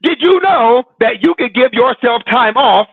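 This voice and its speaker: A man's voice: very high voice, expressive, unhurried, gravelly, slightly rough, no room sound, phone-quality sound. A man hosting a Christian broadcast, preaching in a casual, teasing way with dramatic repetition and frequent laughs. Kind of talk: sermon-like casual talk.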